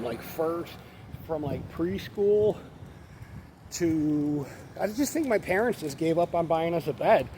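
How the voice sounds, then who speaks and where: A man's voice: on the high side, animated, unhurried, darkish tone. A man, rambling casually through childhood stories, swearing freely as he walks his dog outdoors. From Western New York. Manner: profane, meandering, laid-back. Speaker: vlogger. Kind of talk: rambling personal storytelling. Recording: traffic noise behind.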